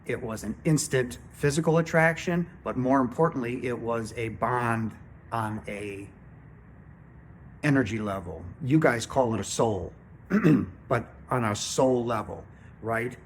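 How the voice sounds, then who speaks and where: A man's voice: mid-range voice, measured pace, slight background noise. A man in his fifties giving a casual spiritual monologue, earnest and often checking in with his listeners. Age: 50s. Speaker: spiritual channel host.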